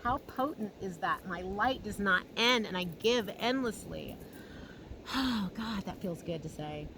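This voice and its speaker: A woman giving an intuitive tarot reading outdoors, talking slowly and dreamily and humming between thoughts. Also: medium pitch, lively intonation, background noise. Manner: slow, dreamy and emotional, humming often. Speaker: tarot reader. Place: field outdoors in the mountains.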